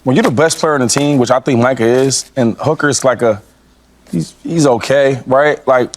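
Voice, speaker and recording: A man's voice: medium pitch, moderate pace, slight background noise. A man on a sports debate show giving an emphatic opinion, repeating himself and addressing the listener directly.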